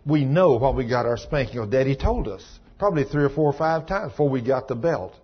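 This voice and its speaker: A husky-voiced man preaching a sermon, his delivery climbing into loud, emphatic exhortation. The recording is dull and lo-fi, with the top end muffled. He talks at an everyday male pitch, plain and direct. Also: expressive, brisk.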